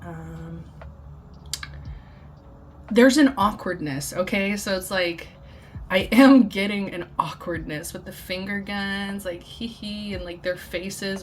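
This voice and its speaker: Casual tarot reader, woman, unhurried and giggly, filler-heavy rambling. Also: lowish voice, fairly bright tone, a little hiss or hum. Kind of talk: casual tarot channeling video. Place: at home.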